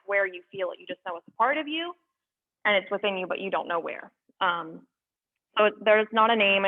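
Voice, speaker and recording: A young woman at an open mic, reading poems aloud with earnest, halting asides between them. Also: medium pitch. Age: young adult. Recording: tinny phone-like sound.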